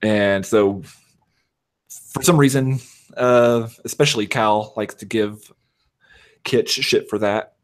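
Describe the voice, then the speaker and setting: Speaking slowly with frequent pauses, a podcast guest rambles through casual chat, leaning on fillers and self-deprecating jokes. His voice is on the low side with a steady tone.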